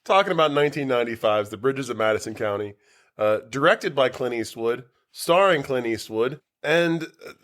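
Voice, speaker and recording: A man chatting on a home-made podcast, recorded in a basement. His voice sits at an ordinary middle pitch and bounces with excitement, laughter and the odd curse as he riffs on a movie. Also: normal speed. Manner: animated, swears freely, laughs a lot. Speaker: podcast co-host. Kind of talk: casual podcast chat.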